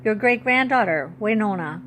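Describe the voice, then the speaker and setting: A young Ojibwe girl, upset and defiant, pleads in a high, tearful voice, as a woman reads her aloud from a storybook. The delivery is raised and urgent. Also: lively intonation, normal speed, fairly bright tone, a little hiss or hum, close to an everyday voice. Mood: upset pleading.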